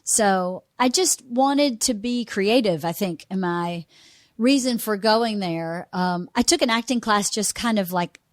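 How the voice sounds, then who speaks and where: A middle-aged woman from Georgia, a guest in a casual interview, speaks with a Southern accent. She is an animated storyteller who acts out quoted voices, talking at a measured pace in a medium pitch with no room sound.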